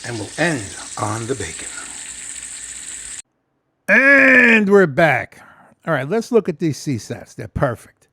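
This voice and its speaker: A man's voice: on the high side, sing-song, takes it slowly, pauses often, bright, forceful tone, slight background noise. A man talking casually in a rambling, profane vlog at home. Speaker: vlogger. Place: home kitchen.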